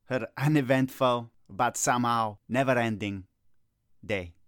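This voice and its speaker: A man's voice: medium pitch, unhurried, clear, resonant tone, no room sound, studio quality. Melodramatic middle-aged soccer-coach man. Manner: gloomy, melodramatic rants that flare into agitated Italian cursing. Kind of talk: comedic sketch dialogue.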